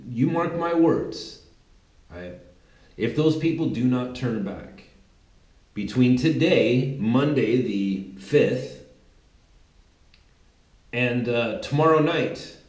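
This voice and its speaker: A man's voice: medium pitch, a little mellow, reverberant, low-quality recording. A man giving a rambling, emphatic political monologue, often restarting his sentences and adding asides. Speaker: political commentator.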